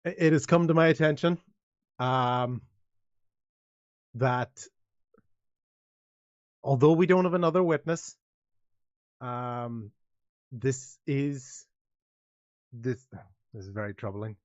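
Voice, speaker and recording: A man doing a flustered small-town mayor in a tabletop game, soothing a crowd with halting, pompous official phrases. The voice has a middling pitch, and the recording is dry and slightly dull. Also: no room sound, close to an everyday voice. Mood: grave. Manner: placating, halting, official-sounding.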